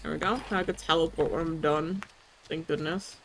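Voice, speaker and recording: A woman's voice: low-pitched, fairly even intonation, brisk, slight background noise. A woman streaming a cozy video game, chatting casually, thinking aloud and giggling often. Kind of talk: casual gameplay commentary.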